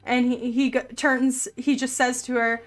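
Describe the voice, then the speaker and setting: A woman who, as game master, narrates a tabletop game in an unhurried, descriptive storytelling way. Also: high voice, flat delivery, soft background music.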